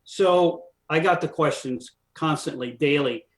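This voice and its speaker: A man's voice: a little high, a little slow. A man guesting on a live stream, chatting casually and agreeing emphatically. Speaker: guest, former foster parent association president.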